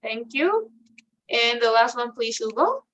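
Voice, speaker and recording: A woman teaching an English class online, talking slowly with many fillers and restarts. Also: on the high side, big pitch swings, fairly bright tone, highs cut off. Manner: slow, hesitant, non-native English with many fillers.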